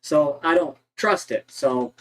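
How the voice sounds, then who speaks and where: Halting, rambling man, slightly high voice. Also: rough recording. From Ohio. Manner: rambling, halting with many restarts. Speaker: co-host. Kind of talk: casual livestream chat.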